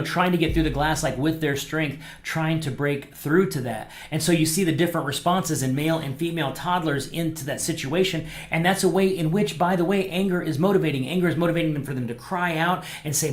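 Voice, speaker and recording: Talking fast with few pauses, a man with a slightly high voice, a pastor, leads an informal small-group Bible lesson for viewers watching online. The microphone picks up a roomy sound as he chats animatedly, uses fillers, and acts out quotes.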